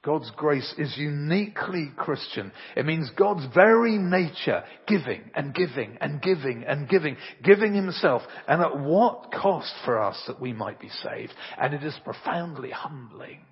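A man preaching. His voice is very husky and his pitch swings widely as he presses his points. He sounds earnest and emphatic, and the sound is dull and lo-fi, with a long reverb trailing off each phrase. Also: lively intonation, measured pace, few pauses. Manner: earnest and emphatic, tells homely anecdotes. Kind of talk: sermon.

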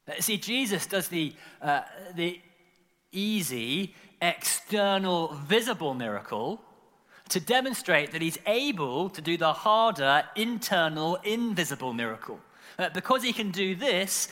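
A man preaching a sermon, telling the story in an animated way with lots of fillers and repeated words. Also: on the high side, a little slow, big-room sound. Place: church.

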